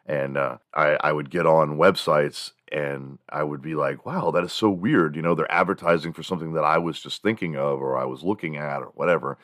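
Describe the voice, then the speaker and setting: A man's voice: extremely low pitch, a little fast, hardly any pauses, fairly bright tone, dry recording, clean studio sound. A man hosting a show, casually telling stories and mimicking sounds, chuckling as he goes. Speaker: podcast host. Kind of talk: casual storytelling monologue.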